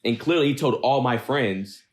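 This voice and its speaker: A man's voice: medium pitch, normal speed. A young man hosting a casual podcast chat, telling rambling, self-deprecating stories. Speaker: podcast host.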